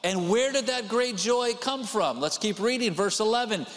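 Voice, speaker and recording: High-voiced pastor preaching in a reverberant hall. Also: male voice, animated, moderate pace, fairly bright tone. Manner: conversational preaching with repeated emphatic phrases. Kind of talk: sermon.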